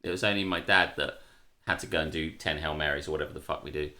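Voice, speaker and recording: A young man with an English accent hosting a casual livestream, rambling and laughing, quick to swear. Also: very deep voice, steady tone, sharp tone. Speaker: host.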